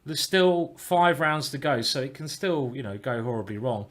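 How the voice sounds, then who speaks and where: Male streamer, rambling live commentary, mid-pitched, casual, mildly sweary. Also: lively intonation, moderate pace, a bit bright. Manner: chatty, rambling, with mild swearing. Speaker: chess grandmaster streaming his games.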